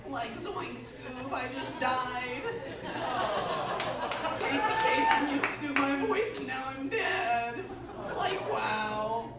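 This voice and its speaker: A goofy, drawling cartoon slacker in a high, wildly swooping, slow voice. It comes from far off in an echoey club over a loud crowd. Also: male voice, wildly swooping pitch, very noisy, exaggerated voice. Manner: drawling, stoner-like impression. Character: goofy laid-back male cartoon teen sidekick, dead.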